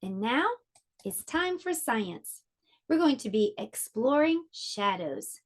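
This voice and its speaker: A woman teaching an online preschool lesson, speaking slowly and encouragingly to small children. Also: on the high side, big pitch swings. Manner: slow, encouraging, clearly explaining to small children.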